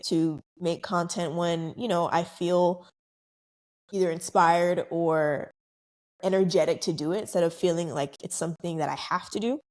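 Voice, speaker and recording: A young adult woman hosting her own podcast, telling a story in a casual, chatty way and acting out other people's lines. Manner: chatty, animated, acts out quoted voices higher. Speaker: podcast host.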